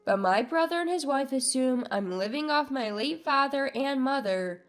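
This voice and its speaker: A woman narrating a first-person family story in a measured, subdued way. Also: sits high, animated. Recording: narration with soft background music.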